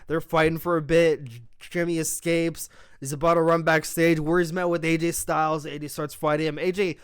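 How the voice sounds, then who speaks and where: A young man giving a casual, profane, excited recap of a wrestling show as its reviewer. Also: fairly high pitch, brisk, clean tone, no room sound, clean studio sound.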